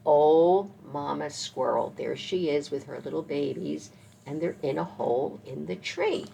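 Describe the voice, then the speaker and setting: A woman librarian leading a children's story time, reading aloud slowly and gently, coaxing the kids to join in. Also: low voice, gravelly, a little hiss or hum.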